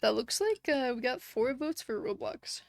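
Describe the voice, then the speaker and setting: Chatty woman streamer with a lively voice. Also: on the high side, moderate pace, creaky, dry recording. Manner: chatty, laughs often, talks to chat. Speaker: live streamer. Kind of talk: casual chat with viewers.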